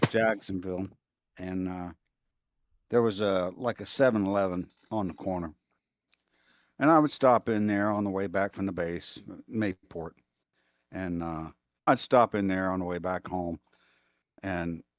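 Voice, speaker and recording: Male guest, lowish voice, rambling casual anecdotes, dry recording. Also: no echo. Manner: rambling, hesitant with fillers. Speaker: guest chatting. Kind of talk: casual chat.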